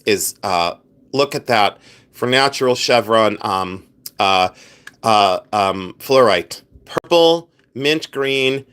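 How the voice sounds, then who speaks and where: Chatty man hosting a live jewelry sale. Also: medium pitch. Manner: chatty, animated, many fillers and asides to chat; clears throat often. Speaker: livestream host selling flea market finds. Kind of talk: casual live-stream chat showing jewelry.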